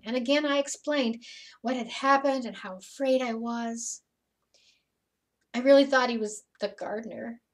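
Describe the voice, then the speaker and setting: A woman in a church service playing a joyful, grieving disciple who has just seen her risen teacher, telling it in first person with stammering repeats and soft whispers. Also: high-pitched. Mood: wondering. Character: Mary Magdalene, woman disciple, joyful witness. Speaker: dramatic monologue in a church service. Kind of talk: first-person sermon monologue. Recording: voice from some distance off the mic.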